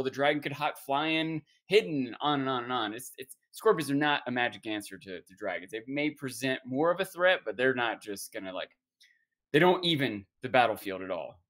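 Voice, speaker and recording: A man makes his case in casual talk, tripping over his words and starting again as he goes. His voice sits at an ordinary male pitch. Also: a bit bright. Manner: halting, stumbles and restarts often. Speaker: podcast co-host. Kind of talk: casual history discussion.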